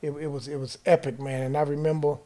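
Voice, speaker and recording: A man telling a long story in casual chat, animated and profane, acting out what other people said. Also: fairly high pitch, quick pace. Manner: animated, profane storytelling, acts out quoted dialogue. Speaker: guest storyteller.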